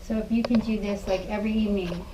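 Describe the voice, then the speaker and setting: A woman's voice: mid-range voice, steady tone, quick pace, recorded from a distance, dull audio, noisy background. A woman dog trainer explaining puppy care to a client in a patient, explanatory way, often cooing praise at the dog. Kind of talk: hands-on training lesson.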